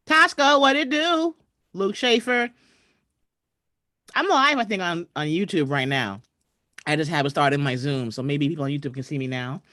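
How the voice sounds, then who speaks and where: A woman hosting a casual livestream from home, chatting and shouting out viewers over a video call mic. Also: low-pitched, normal speed, long pauses, dry recording, clean studio sound. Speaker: host. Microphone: computer mic on a video call.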